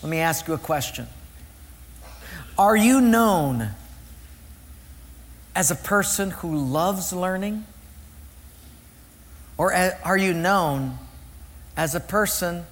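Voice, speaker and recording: A pastor with a high, light voice delivers a Sunday sermon, slowing down on key phrases. His words ring out in a reverberant church sanctuary. He tells stories with playful voices and laughs along. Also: lively intonation.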